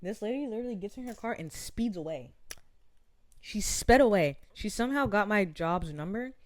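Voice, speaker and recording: A woman's voice: medium pitch, animated, moderate pace, dry recording. Young woman telling a story animatedly. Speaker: podcast co-host. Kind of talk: casual podcast storytelling.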